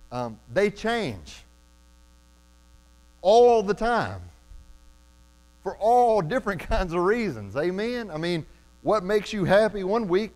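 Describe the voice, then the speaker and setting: A man preaching a sermon in a conversational, emphatic way, often pausing on "um" and calling out for amens from the congregation. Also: mid-range voice.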